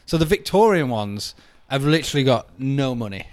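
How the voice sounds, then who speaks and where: A young man chats casually on a podcast, at an ordinary pitch. He teases his co-host and breaks into laughter easily. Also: very animated, moderate pace. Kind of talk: casual chat.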